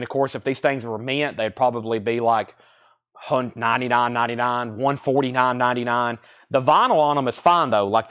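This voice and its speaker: A young man hosting a live record sale, rambling casually between quick price call-outs. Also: mid-range voice. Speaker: record store host running a live sale. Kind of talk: casual livestream sales patter.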